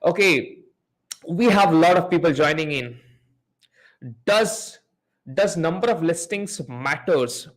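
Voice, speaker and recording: A man's voice: on the high side, expressive, slow, pauses often. A man hosting a live online Q&A on selling ads, explaining step by step while sharing his screen and asking the audience questions. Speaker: host of a live Amazon PPC Q&A session. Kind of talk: live webinar teaching with screen share.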